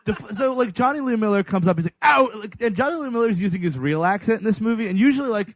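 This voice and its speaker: Co-host, man, high and lively voice, wry jokey delivery, dry mic. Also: no echo. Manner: wry, jokey, acts out scenes in quick voices. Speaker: podcast co-host. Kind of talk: casual comedy movie review chat.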